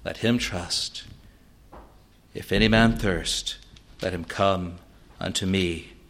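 Earnest low-voiced male preacher. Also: takes it slowly. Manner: earnest, swells loud on key words then drops soft. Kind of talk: sermon.

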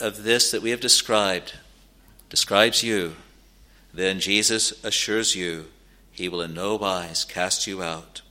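Bright-voiced male preacher, earnest sermon. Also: fairly low pitch. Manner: earnest, pleading with listeners, slow stressed phrases.

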